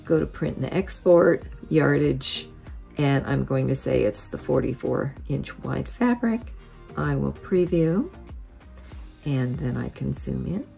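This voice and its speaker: A woman hosting a quilting software tutorial, explaining each step methodically as a voice-over. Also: extremely low pitch, animated, slow, creaky, soft background music.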